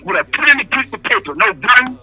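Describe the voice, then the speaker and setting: A man's voice: extremely high pitch, quick pace, gravelly, pushed and bright, husky, faint music behind. A man speaking over a phone call from prison in an interview, talking emphatically and hammering his points home by repeating key phrases in casual street speech. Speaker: incarcerated interviewee. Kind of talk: impassioned interview answers.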